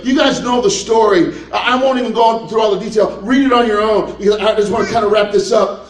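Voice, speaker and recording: A man's voice: sits high, fairly quick, slight background noise. A male pastor preaching a sermon in a humorous, conversational storytelling way, laughing as he goes. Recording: echoey room, mic at a distance.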